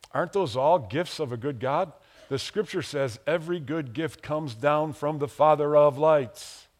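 A male pastor from the Chicago area preaching a sermon, animated and playful, acting out quotes and chuckling at his own asides. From Chicago area, USA. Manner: animated, acts out quotes with big pitch jumps.

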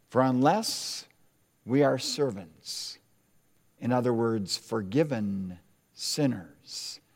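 Slow, deliberate preacher in a reverberant hall. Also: male voice, mid-range voice, a little mellow. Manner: deliberate, emphatic preaching with dramatic pauses. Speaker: pastor. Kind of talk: sermon.

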